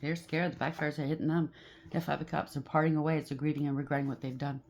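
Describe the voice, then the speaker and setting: A low-pitched woman reads tarot cards in a casual, emphatic way. She passes harsh verdicts and repeats herself for weight. A faint hiss of noise sits under her voice. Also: level tone, fast talker. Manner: emphatic, repetitive, blunt judging tone. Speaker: tarot reader.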